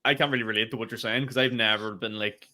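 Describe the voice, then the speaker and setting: A man's voice: lowish voice, steady tone, fast talker, sharp tone. A man co-hosting a comedy podcast, bantering casually, teasing his co-host and swearing freely.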